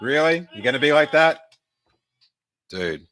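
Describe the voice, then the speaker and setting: A podcast host reading a children's book aloud, jokey and animated, breaking in to do character voices and make asides. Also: male voice, a little high, a little slow. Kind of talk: casual read-aloud with commentary.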